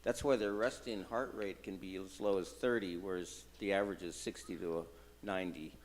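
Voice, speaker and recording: Congregant man, lowish voice, explanatory and hesitant. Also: steady tone, normal speed. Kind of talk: casual sharing.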